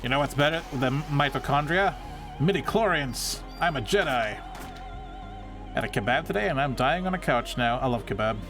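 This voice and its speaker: A man's voice: medium pitch, expressive, normal speed, over music. A man casually chatting and rambling while streaming a video game, often restarting his sentences. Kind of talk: casual live game commentary.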